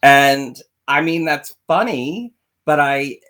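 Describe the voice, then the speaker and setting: A man's voice: on the high side, slow. A man co-hosting a casual film chat, telling stories and giving firm opinions. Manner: opinionated, animated storytelling. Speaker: podcast co-host.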